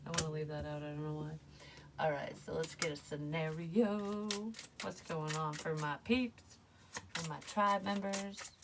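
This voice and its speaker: A woman's voice: deep voice, fairly even intonation, normal speed, noisy background. A woman giving a casual tarot reading, chatty and emotional, swearing now and then. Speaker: psychic tarot reader.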